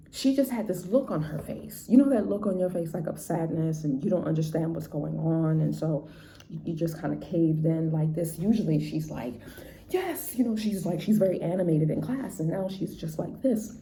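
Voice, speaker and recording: A woman teacher tells a classroom story casually and chattily, often checking in with "right?" and "you know". Her voice is low, creaky and dark. The recording has a roomy echo and faint background noise.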